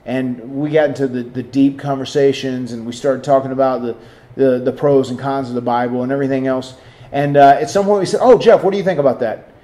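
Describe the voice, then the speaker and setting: A man in his forties from North Carolina, a wrestler hosting his own video segment, telling stories and hyping an event with an energetic, restarting delivery. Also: mid-range voice, a little fast. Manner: energetic, hype-building promo delivery with frequent restarts. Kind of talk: casual promotional monologue and storytelling.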